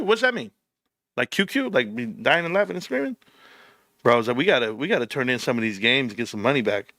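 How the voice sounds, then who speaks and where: Animated man with a bright voice. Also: on the high side, dry recording, studio quality. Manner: animated storytelling, slangy, plays out dialogue in voices. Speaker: YouTube host. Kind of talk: casual rambling monologue.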